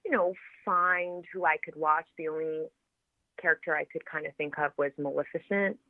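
Low-voiced woman on a tinny line. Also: moderate pace, dry recording. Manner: lively, laughs often, animated storytelling. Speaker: actress, interview guest. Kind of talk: casual interview chat. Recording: tinny phone-like line, dry.

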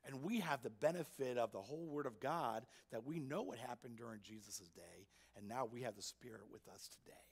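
A man's voice: mid-range voice, brisk, creaky, hardly any pauses, slightly rough. A man preaching a sermon as pastor, emphatic and asking his congregation rhetorical questions. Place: church sanctuary.

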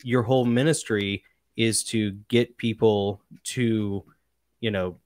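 A man hosting an interview, asking thoughtful questions in a measured way. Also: fairly low pitch, steady tone, darkish tone. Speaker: host.

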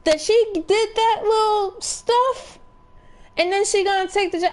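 A young adult woman telling a story with animated, profane energy and lots of restarts while she plays a game. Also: very high voice, a little slow. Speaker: gaming streamer. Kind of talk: casual storytelling while playing.

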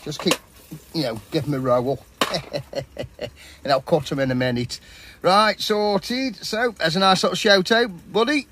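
A man's voice: high voice, a little slow, long pauses, fairly bright tone, slight background noise. A man chatting casually and matily while cooking outdoors at a campsite. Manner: chatty, matey, rambling. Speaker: vlogger.

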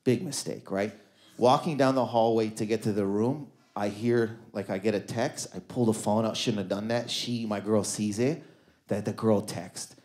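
A man's voice: lowish voice, normal speed. A man with a Canadian accent performing stand-up on a comedy club stage, telling stories and acting out the voices of the people in them. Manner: animated storytelling, acting out voices.

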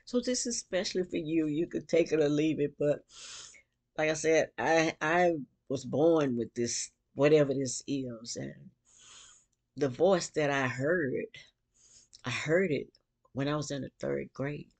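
Low, husky woman telling a story. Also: unhurried. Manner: animated storyteller who acts out quotes. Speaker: vlogger. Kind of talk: personal storytelling to camera.

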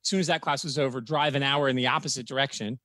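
A man's voice: medium pitch, steady tone, racing, bright, forceful tone, no echo. A man, a college professor telling blunt stories and swearing casually. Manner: frank storytelling, swears casually. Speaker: college professor, podcast guest. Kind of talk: casual podcast chat.

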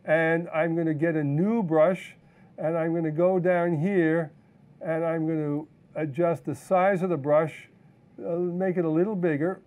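Man, fairly high voice, live software demo, relaxed step-by-step explaining, self-correcting. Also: measured pace. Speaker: photography instructor.

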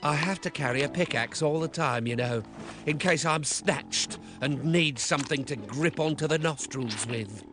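A man voicing a grumpy talking male bogey creature that hisses slowly and sounds aggrieved. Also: fairly high pitch, voice pushed down, natural voice. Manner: slow, hissing, aggrieved. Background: music.

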